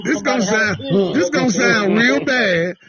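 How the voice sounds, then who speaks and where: A man's voice: very high-pitched, animated, unhurried. A man, a bus driver, teasing playfully in casual chat. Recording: lo-fi with crowd behind.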